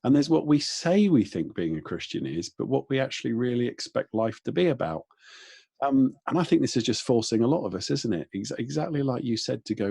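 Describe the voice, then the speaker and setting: A man's voice: mid-range voice, very animated, fairly quick, creaky, warm tone, slightly rough, no room sound, clean studio sound. A man hosting an interview, talking earnestly with many restarts and checking in with his guest. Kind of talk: conversational interview.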